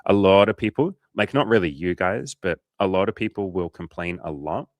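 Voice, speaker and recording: A man's voice: low-pitched, lively intonation, normal speed, no echo. An Australian man, a dating coach, chatting casually on a livestream, swearing often and acting out little scenes.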